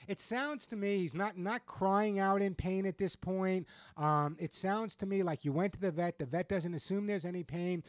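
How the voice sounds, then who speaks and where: A man's voice: high-pitched, moderate pace, few pauses, no echo, dull audio. A male radio host giving heartfelt, reassuring pet advice to a caller. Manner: warm, emotional, gently reassuring advice.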